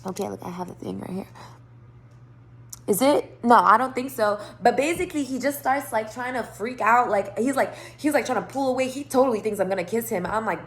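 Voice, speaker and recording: A woman's voice: on the high side, brisk. A woman telling a long, rambling personal story to camera, swearing freely and acting out both sides of the conversation. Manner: rambling, profane, animated retelling. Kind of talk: casual storytime monologue.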